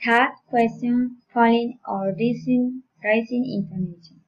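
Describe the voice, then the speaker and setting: A woman reads intonation drill sentences at a very slow, careful pace. Her voice sits a little high and sounds breathy. The recording is muffled and lo-fi. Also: a little mellow. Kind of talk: reading intonation practice sentences. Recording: muffled low-fidelity recording.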